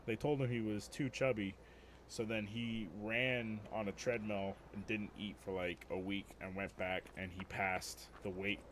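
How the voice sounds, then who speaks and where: A man's voice: on the low side, flat delivery, unhurried, a bit bright, slight background noise. A young man streaming, telling rambling, profane stories and laughing at his own jokes. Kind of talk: casual storytelling.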